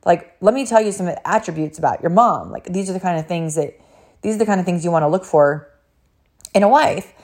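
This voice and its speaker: Animated woman coach telling a story. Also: lowish voice, fairly quick. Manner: energetic storytelling, often laughing. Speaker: life coach. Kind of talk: motivational talk to camera.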